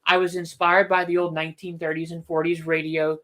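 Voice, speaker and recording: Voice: mid-range voice, flat delivery, brisk, pushed and bright. An author hosting a casual book livestream, thinking aloud with restarts and firm opinions.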